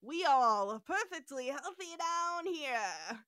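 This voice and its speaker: A woman putting on a loud, exaggerated Southern American drawl to play a folksy male doctor, as a comic impression in a podcast recap. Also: sits high, expressive, takes it slowly, no room sound, clean studio sound, pitched above the performer's own voice, heavily acted. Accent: American Southern, put on.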